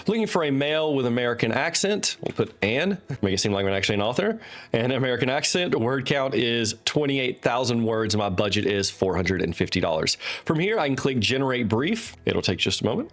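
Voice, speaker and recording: Man, author hosting a screen-share tutorial, unscripted, loose delivery, middle pitch. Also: a bit bright. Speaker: author and host. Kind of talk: casual screen-share walkthrough. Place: desk with teleprompter.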